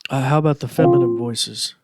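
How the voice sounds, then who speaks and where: A man's voice: mid-range voice, fairly quick, noisy background. A man hosting a casual tech podcast, chatty and rambling, with plenty of fillers. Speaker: podcast host.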